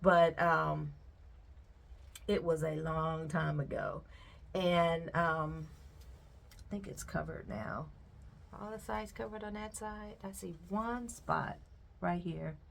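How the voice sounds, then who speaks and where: A woman's voice: lowish voice, slow pace, gravelly, long pauses. A middle-aged woman, chatting casually and laughing as she reminisces while she works on a craft. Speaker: vlogger. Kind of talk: casual chat while pouring paint.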